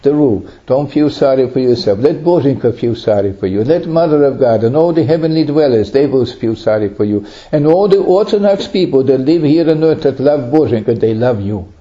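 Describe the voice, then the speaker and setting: A man's voice: mid-range voice, expressive, a little fast, few pauses, mellow. A man preaching an Orthodox sermon with earnest, pleading emphasis that swells on key phrases. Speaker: Orthodox priest. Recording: dull lo-fi recording.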